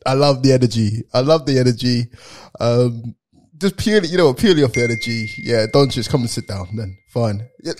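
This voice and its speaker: A man's voice: mid-range voice, fairly quick, a little mellow, slight background noise. Laughing, teasing podcast host, male. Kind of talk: casual panel chat.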